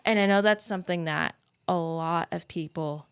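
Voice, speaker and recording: A woman hosting a podcast who asks gentle, empathetic questions in an interview conversation. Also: fairly low pitch, normal speed, clean tone. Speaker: podcast host. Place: podcast studio.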